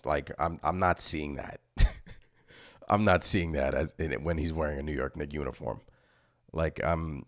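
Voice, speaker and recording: A young man with a deep voice hosts a casual fan postgame show, recorded dry and close with no room sound. Frustrated and emphatic, he hammers the same points over and over and reads viewer chat aloud between rants.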